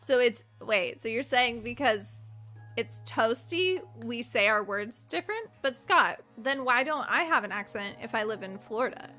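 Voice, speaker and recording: A young woman from the American South streaming a point-and-click game, excitable and jokey, laughing and gasping often. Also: a little high, moderate pace. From Southern United States. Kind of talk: casual gameplay commentary. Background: faint game music.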